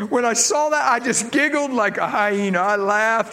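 A man's voice: very high voice, brisk, hardly any pauses, in a large hall. A man preaching in a church, telling a healing story with laughs and acted-out voices. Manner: animated, laughing, acts out voices in his story. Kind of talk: storytelling sermon.

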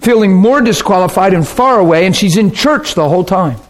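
A man pastor giving an informal teaching talk, telling stories in an animated way and laughing often. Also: sits high, a little fast.

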